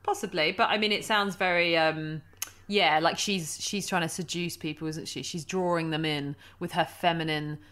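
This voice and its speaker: A woman's voice: lowish voice, steady tone, moderate pace, a bit bright. A woman hosting a paranormal podcast, chatting casually with her co-producer, laughing often and thinking aloud. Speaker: podcast host. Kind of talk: casual chat.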